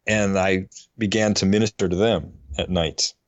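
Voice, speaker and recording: A middle-aged man on a faith podcast, telling a personal story in an earnest, halting way and getting choked up. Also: low-pitched, fairly even intonation, dry recording, highs cut off. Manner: earnest, halting, with frequent restarts. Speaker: podcast co-host.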